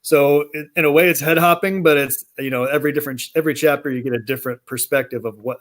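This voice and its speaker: A man's voice: medium pitch, fairly bright tone. Man explaining steadily as guest author. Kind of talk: interview answers.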